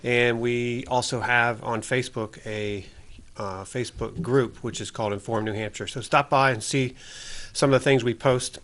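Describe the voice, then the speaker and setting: A man's voice: mid-range voice, fairly even intonation, a bit bright. Earnest man hosting a cable talk show. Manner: earnest, halting with fillers. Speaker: host. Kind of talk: casual public-access talk show. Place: local cable TV studio.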